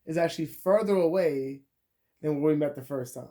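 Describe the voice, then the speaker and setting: Profane, animated man ranting on camera. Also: a little high, brisk. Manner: crude, animated, swings between loud outbursts and muttered asides. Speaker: vlogger. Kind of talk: profane storytime rant.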